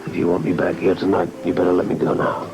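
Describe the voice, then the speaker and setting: An actor playing a secretive husband and club owner in a 1980s soap opera, defensive and placating. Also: male voice, low voice, monotone, fast, gravelly, over music, low-quality recording. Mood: evasive. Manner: defensive, placating, soothing apologies.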